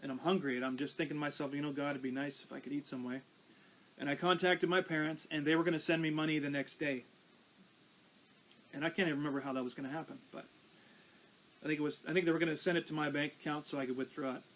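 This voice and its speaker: A man's voice: on the high side, fairly even intonation, fast talker, fairly bright tone, a little hiss or hum, low-quality recording. A pastor telling his life testimony in a conversational, storytelling way. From Canada. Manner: conversational, recounting with small restarts.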